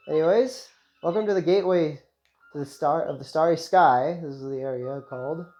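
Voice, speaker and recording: A man's voice: a little high, brisk, mellow. A man giving casual, joking, rambling commentary while playing a video game. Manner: joking, rambling, self-mocking. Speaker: let's play host. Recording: slightly muffled, game music behind.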